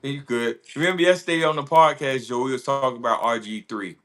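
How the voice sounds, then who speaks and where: A man's voice: mid-range voice, a little fast, a bit bright. A man guest, chatting in a laid-back, conversational way. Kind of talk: casual chat.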